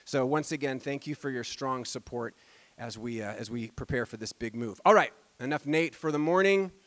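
A man's voice: medium pitch, normal speed. A man pastor giving church announcements and introducing a speaker, upbeat and enthusiastic. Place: church sanctuary.

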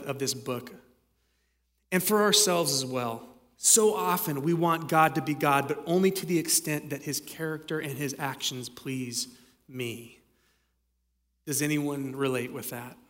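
A man giving a sermon as pastor, telling stories in a relaxed, conversational way with frequent fillers. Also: medium pitch. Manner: conversational storytelling with many fillers. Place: church sanctuary. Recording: long hall reverb.

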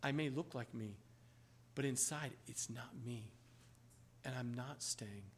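A resolute man speaks low and hushed, firm in every word, as a preacher puts him on. The voice drops well below the speaker's own and stays quiet. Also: slow pace, slight background noise, natural voice. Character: resolute man turning from his past.

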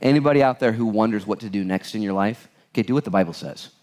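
A man preaching a sermon as pastor, animated, acting out the people in the Bible passage with jokes. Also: fairly low pitch, fast.

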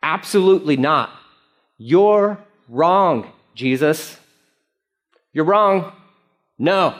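A man's voice: mid-range voice, sing-song, fairly quick, close to an everyday voice. A pastor voicing a proud young fisherman who emphatically refuses, in nearly his own voice. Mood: defiant. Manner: emphatic and defiant.

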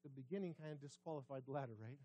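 A man preaching a sermon as pastor, conversational, asking the congregation questions and dropping his voice low and quiet for emphasis. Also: very fast. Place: church sanctuary.

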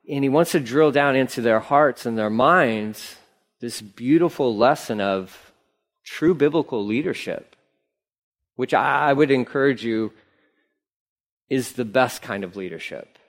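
In a church sanctuary, a pastor delivers a sermon in a conversational style, tossing in playful asides. His voice is medium in pitch and his pace is measured.

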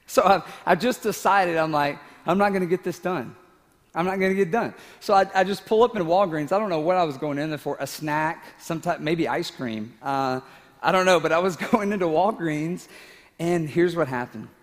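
A man in a sermon, talking casually and with feeling through a personal story, at times choked up and at times laughing. His voice sits a little high and rings out through a large hall with a long reverb. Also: moderate pace. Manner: emotional, tearful at times, laughing asides. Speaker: pastor.

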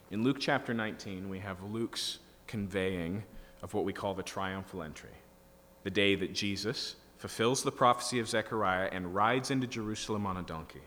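A pastor explaining scripture line by line, building to emphatic bursts. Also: male voice, on the low side, a bit bright. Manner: teaching, rising to emphatic bursts. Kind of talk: expository sermon. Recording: reverberant hall with faint hum.

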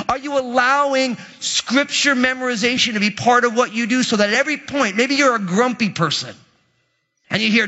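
Pastor, male, high voice, energetic humorous sermon, big church reverb. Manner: energetic, humorous, conversational preaching. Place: church sanctuary. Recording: muffled audio with long hall reverb.

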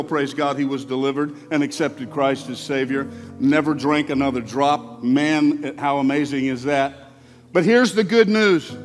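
A male pastor with a high voice preaches in a church sanctuary, his words ringing with long hall reverb. He shifts between forceful emphasis and hushed, intimate asides. Faint instrumental music sits low behind him. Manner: conversational preaching, swings from loud emphasis to soft asides. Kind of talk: sermon.

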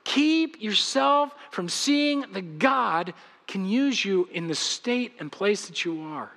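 A man's voice: high-pitched, lively intonation, takes it slowly, creaky, a bit bright, in a large hall. A man preaching a sermon as pastor, earnest and pleading as he speaks straight to his congregation. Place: church sanctuary.

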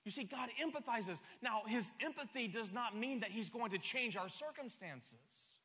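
A middle-aged man preaching a sermon, emphatic and stumbling over repeated words, swinging between loud and soft. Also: very high voice, expressive, moderate pace, breathy edge. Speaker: pastor. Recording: long hall reverb.

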